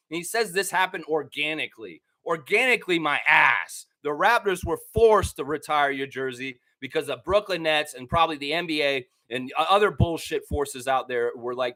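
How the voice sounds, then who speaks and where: Man, from Canada, fan show host, heated profane rant, high-pitched. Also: animated, normal speed, bright, forceful tone. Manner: angry, profane, heated ranting. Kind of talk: ranting commentary.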